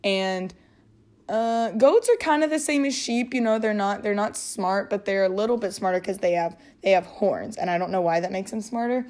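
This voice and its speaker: A woman's voice: mid-range voice, normal speed, a little mellow. A woman hosting a casual solo podcast, rambling and giggling, with lots of filler words. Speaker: podcast host.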